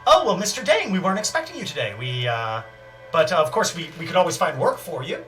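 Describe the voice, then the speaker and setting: A man's voice: fairly high pitch, very animated, quick pace, a bit bright, recorded from a distance, faint music behind. A man doing a polite young receptionist woman.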